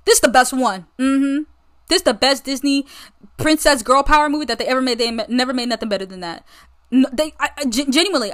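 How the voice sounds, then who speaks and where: Chatty young American woman, slightly high. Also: a bit bright. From United States. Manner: chatty, rambling, enthusiastic. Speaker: podcast host. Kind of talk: casual solo movie review chat.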